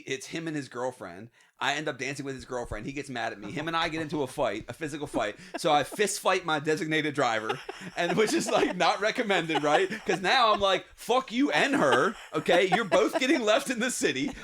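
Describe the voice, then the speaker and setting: A man hosting a podcast, telling wild stories from his youth in a casual, swearing, animated way. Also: a little high, brisk. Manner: profane, animated anecdote-telling with laughs. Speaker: podcast host. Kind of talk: casual storytelling.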